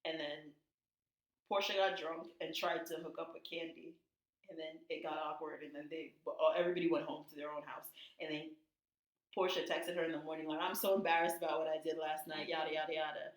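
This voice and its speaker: Gossipy woman with a low voice. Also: flat delivery, a little fast. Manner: gossipy storytelling, acting out quotes in high voices. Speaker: podcast co-host. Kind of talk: casual chat. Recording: echoey room.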